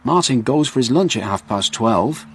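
A man's voice: medium pitch, animated, normal speed, slightly rough. A man voicing Stewart, a stubborn, determined young man. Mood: plain.

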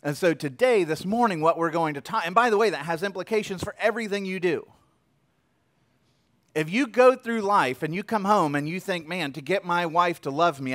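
A young adult man preaching a sermon in a conversational way, repeating phrases and swinging between loud and hushed. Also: high voice, expressive, moderate pace, no echo. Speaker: pastor.

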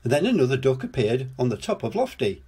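An older man reads a children's storybook aloud, his voice a little husky and breathy. His pitch moves up and down freely as he tells the story in a gentle, lively way. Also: fast.

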